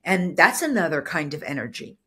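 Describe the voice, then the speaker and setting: A woman teaching in a solo podcast, earnest and explanatory, with a husky voice that is soft yet firm, now and then acting out short quoted lines. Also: low voice, very animated, fairly quick. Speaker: spiritual business coach.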